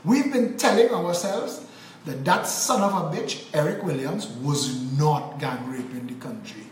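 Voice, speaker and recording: A man's voice: fairly high pitch, unhurried, echoey room, slight background noise, poor audio. A man with a Trinidadian accent, from Trinidad and Tobago, delivering an angry, emphatic political monologue with repeated rhetorical phrases. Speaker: political commentator.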